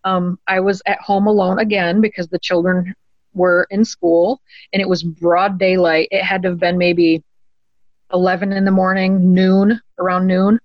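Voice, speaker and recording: A woman's voice: lowish voice, level tone, dry recording, dull audio. Earnest woman telling a personal story. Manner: earnest, halting, many ums and restarts. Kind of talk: conversational storytelling.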